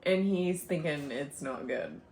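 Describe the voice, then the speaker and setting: A young woman talks casually to her camera at home, rambling and breaking into frequent laughs. Her voice sits on the low side. The room is echoey, with a faint hiss underneath. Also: lively intonation, unhurried. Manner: chatty, rambling, laughs often, soft sighs. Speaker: vlogger, stay-at-home mom. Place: home, indoors.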